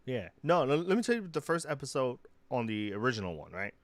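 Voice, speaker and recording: A man's voice: mid-range voice, fast, dry recording. A young man talks in a loose, rambling way, stumbling through restarts as he retells a story. His voice sits in an ordinary middle register. The sound is dry and close, with no room to it. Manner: rambling, animated retellings with acted-out quotes. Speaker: podcast co-host. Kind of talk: casual chat.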